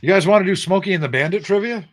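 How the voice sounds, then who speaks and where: A man's voice: high-pitched, rapid-fire, slight background noise. An older American man hosting a live trivia stream, casually teasing viewers and reading out their answers with sarcastic banter. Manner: teasing, sarcastic, reads viewer names aloud. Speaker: livestream trivia host.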